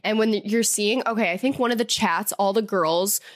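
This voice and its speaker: A woman's voice: medium pitch, normal speed, dry recording, studio quality. A woman co-hosting a podcast, chatting casually about a reality show, laughing often and acting out what people said. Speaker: podcast co-host. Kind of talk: casual recap chat.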